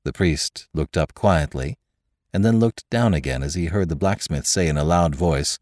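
A man narrating a classic story aloud, expressive and theatrical. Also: rumbling low, normal speed, no echo, studio quality. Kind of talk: audiobook reading of a classic story.

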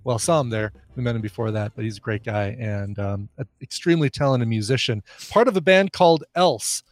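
A man co-hosting a podcast in relaxed, rambling casual chat, often pausing with ums and laughing along. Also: medium pitch, dry recording. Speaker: podcast co-host.

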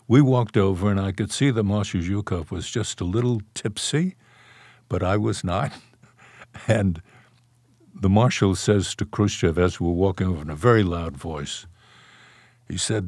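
A man's voice: on the low side, darkish tone, no echo, clean studio sound. An older man, a guest author in a podcast interview, telling wry stories from his past and chuckling now and then. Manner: anecdotal, wry, chuckles while recalling.

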